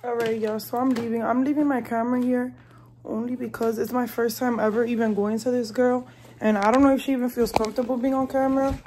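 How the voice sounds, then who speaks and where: A woman's voice: fairly high pitch, flat delivery, fast, a little mellow. A young woman vlogging casually from her bedroom, chatty and slangy, talking straight to her viewers. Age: young adult. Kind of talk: casual vlog chat to camera. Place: bedroom at home.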